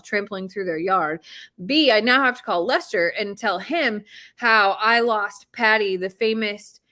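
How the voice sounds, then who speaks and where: Woman, casual storyteller, animated and expressive, laughs easily. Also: medium pitch. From Midwest US. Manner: animated, laughs often, swings from excited to hushed. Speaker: host telling a personal story.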